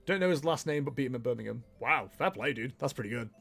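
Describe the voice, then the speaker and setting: A man's voice: mid-range voice, lively intonation, fast talker, creaky, fairly bright tone, soft background music. A young man chatting casually on a livestream while he plays, laughing often and poking fun at himself. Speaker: streamer.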